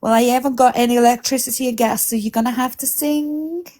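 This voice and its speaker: Woman host, teasing, playful, rapid questions, fairly high voice, casual live-stream banter. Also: fairly even intonation, a little mellow.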